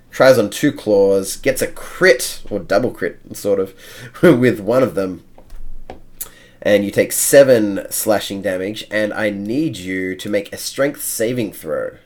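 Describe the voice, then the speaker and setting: A male game master narrates a tabletop battle in a measured way, counting out each move. His voice is deep and his pace unhurried. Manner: measured, counting out moves step by step.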